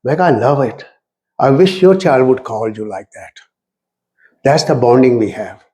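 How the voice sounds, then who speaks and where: A middle-aged man giving a lively storytelling talk, slipping phrases into his English. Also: medium pitch, a little slow. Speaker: speaker at a community talk.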